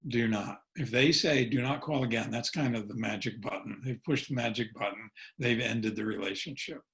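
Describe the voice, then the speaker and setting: A man's voice: medium pitch, normal speed, gravelly, fairly bright tone. A middle-aged man presenting a webinar as a consultant and educator, folksy and chuckling, punctuating his points with "okay?" and acting out sample phone dialogue.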